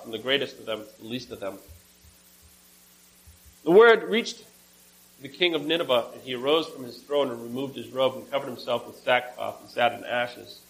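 A man's voice: medium pitch, fairly bright tone, low-quality recording. A man preaching, reading a scripture passage aloud with casual asides and small self-corrections.

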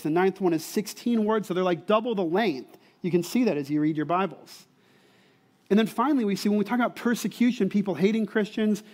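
A man's voice: high voice, darkish tone. A man and Bible teacher giving a sermon to college students in a conversational way, often repeating words and asking the listeners whether they see it.

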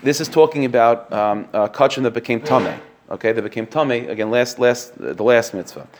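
Guy teaching a text lesson, talks fast, reads a line then explains it over and over. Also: mid-range voice, a little hiss or hum. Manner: quick, explanatory, repeats phrases, reads Hebrew sources aloud and translates. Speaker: Talmud teacher. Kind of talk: text-based shiur lesson.

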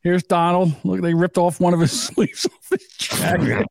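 A man's voice: high-pitched, level tone, moderate pace, creaky. A man co-hosting a podcast in casual, teasing banter, rambling and laughing at his own jokes. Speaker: podcast co-host.

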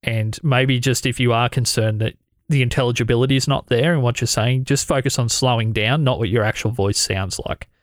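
An Australian man hosts a podcast in an easygoing, chatty way, putting listener questions to his guest. His voice sits at a middle pitch and is recorded close and dry, with no room sound. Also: steady tone, brisk, no room sound. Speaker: podcast host. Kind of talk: conversational interview.

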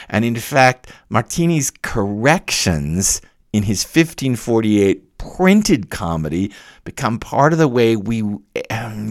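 A man with a fairly low voice lectures on a scholarly subject. He explains step by step, pausing on fillers and correcting himself mid-phrase. The sound is dry and close. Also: dry recording. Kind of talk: academic lecture.

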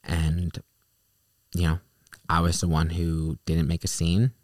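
A man's voice: sits low, completely flat delivery, slow pace, a little mellow, dry recording, studio quality. A young man co-hosting a casual chat, telling a personal story candidly with many fillers and restarts.

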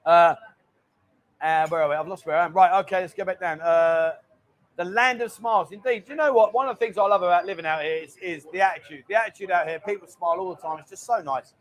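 A man from England hosting a casual live stream, jokey and teasing, talking loudly. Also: sits high, fast talker. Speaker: livestream host.

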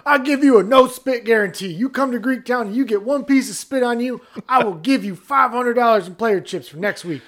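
A man putting on a brash casino pitchman, loud, swearing, all over-the-top sales hype. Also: expressive, moderate pace, gravelly, exaggerated voice. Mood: hyped. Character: brash male casino pitchman promising spit-proof booths.

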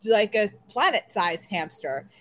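A woman's voice: medium pitch, measured pace. A woman in a casual group chat who rambles and restarts her thoughts as she talks. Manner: rambling, restarts often, animated.

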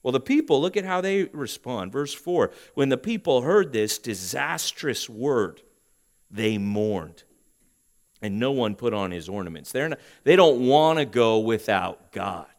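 A man preaching a sermon as pastor, swinging between loud emphasis and hushed tones. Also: mid-range voice, animated, unhurried.

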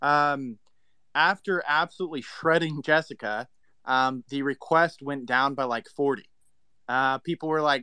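Male co-host, bright and smooth, dry sarcastic teasing. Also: medium pitch, normal speed, no echo. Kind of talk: casual chat.

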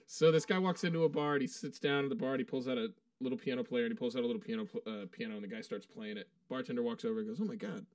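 A man's voice: medium pitch, fairly bright tone, no room sound, studio quality. A man hosting a podcast in casual chat, rambling and telling jokes. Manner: joking, rambling storyteller. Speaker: podcast host.

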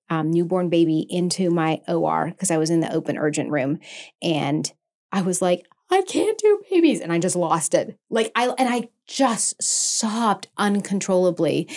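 A woman's voice: fairly low pitch, darkish tone. A middle-aged woman, a podcast guest, candidly recounting personal experiences in a conversational way, quoting her own thoughts as she goes. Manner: earnest, emotional retelling with quoted inner speech. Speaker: podcast guest, nurse anesthetist and founder.

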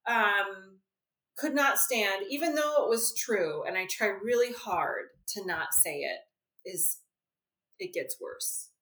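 A woman's voice: mid-range voice, slow pace, a bit bright. A woman hosting a podcast and chatting casually, a supportive listener who laughs easily. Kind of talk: casual conversational chat. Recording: echoey room.

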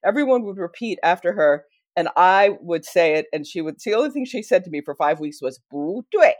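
Lively, animated American woman storyteller. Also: fairly low pitch, brisk, no room sound. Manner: animated, self-deprecating storyteller. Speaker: guest historian. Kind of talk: casual storytelling in an interview. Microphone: wearing headphones at a mic.

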